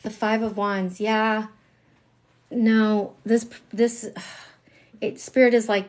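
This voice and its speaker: A woman giving a live-streamed tarot reading, chatty and emphatic, dropping slang and swinging between hushed asides and excited outbursts. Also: medium pitch, slow pace, pauses often. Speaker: tarot reader.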